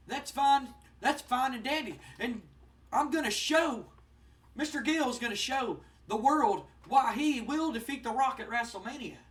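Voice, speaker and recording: A man playing a boastful, indignant middle-aged wrestling manager as an impression in a wrestling sim playthrough, speaking in fast-talking hype. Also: very high voice, a bit bright, voice pushed up. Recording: voice distant from the mic.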